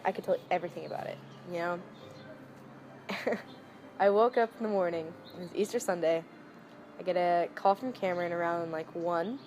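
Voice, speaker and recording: A woman in a documentary interview, softly and haltingly recalling the death of a close friend. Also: fairly low pitch, a little hiss or hum. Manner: soft, reflective, halting with many "like"s. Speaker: friend of the deceased. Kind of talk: documentary interview, recounting a loss.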